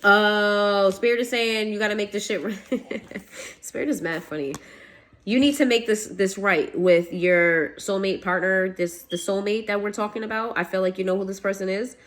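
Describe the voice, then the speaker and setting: A woman's voice: mid-range voice, moderate pace, a bit bright. A woman giving a casual tarot reading to her viewers, blunt and swearing, laughing now and then. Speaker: tarot reader.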